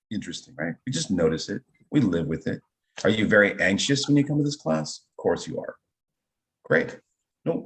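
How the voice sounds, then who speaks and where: Speaking as an improv teacher in a casual interview, a man with a fairly low voice leans on personal stories to build his points. He's middle-aged and full of enthusiasm, and his conversational storytelling is sprinkled with frequent "right?" check-ins.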